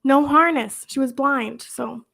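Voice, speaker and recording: A woman's voice: high voice, unhurried, vocal fry, bright, forceful tone. A woman guest on a live online show, joking crudely and swearing in casual chat.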